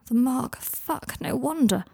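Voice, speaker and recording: A woman's voice: high voice, expressive, slow, gravelly, darkish tone, husky, dry recording, clean studio sound, pitched above the performer's own voice, exaggerated voice. A woman voicing an anxious, self-deprecating young man who swears under his breath, in a fan fiction reading. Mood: flustered.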